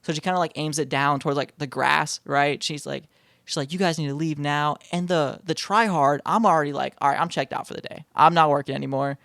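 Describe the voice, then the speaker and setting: A young man telling a personal story casually, animated and slangy, full of fillers and swearing. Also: on the high side, a little fast, creaky, dry recording, clean studio sound. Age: young adult. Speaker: storytime vlogger.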